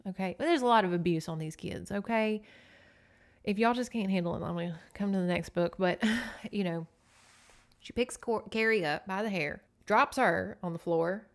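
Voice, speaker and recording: A woman's voice: mid-range voice, moderate pace. A young woman, hosting a casual podcast book recap in a chatty, profane way with laughing asides. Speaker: podcast host.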